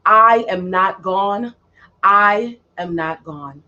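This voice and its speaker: A woman's voice: mid-range voice, pushed and bright. Woman reciting solemn spoken-word poetry. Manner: slow, solemn, repetitive delivery. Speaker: poet. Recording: dull lo-fi audio.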